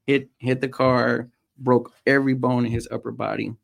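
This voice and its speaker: A man, a podcast guest, telling a personal story in a halting way with frequent pauses and "um"s. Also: mid-range voice, flat delivery, gravelly. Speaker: podcast guest, motorcycle racer.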